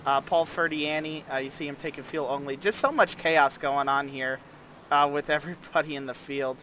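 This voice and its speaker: A man's voice: on the high side, moderate pace, sharp tone, a little hiss or hum. A man reporting from the pits on a sim racing broadcast, giving a methodical strategy rundown. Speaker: pit reporter. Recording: dull, lo-fi mic.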